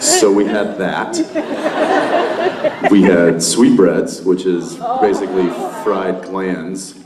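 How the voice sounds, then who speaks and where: A man on a convention panel telling a relaxed, laughing anecdote, full of fillers. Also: deep voice, takes it slowly, a loud crowd. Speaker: panel guest. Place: convention hall with audience. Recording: echoey convention hall with background noise.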